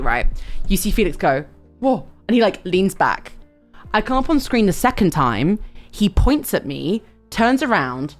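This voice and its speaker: This young streamer narrates an extended story with casual energy, dropping swear words and bursting into unexpected high squeals.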